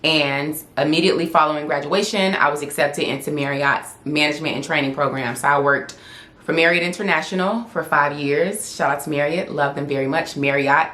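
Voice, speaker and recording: A woman's voice: low-pitched, fairly bright tone. A young woman, chatting candidly and laughing often in a casual Q&A vlog. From Southern United States. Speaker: vlogger and influencer. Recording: echoey room.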